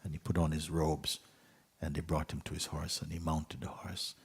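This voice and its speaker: A male spiritual teacher tells a fable to his listeners at an easy, unhurried pace. He speaks in a low, breathy voice that drops at times to a near whisper. A long hall reverb hangs behind every phrase. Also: level tone. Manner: unhurried telling with pauses, dips to a hushed whisper. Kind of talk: storytelling talk to an audience.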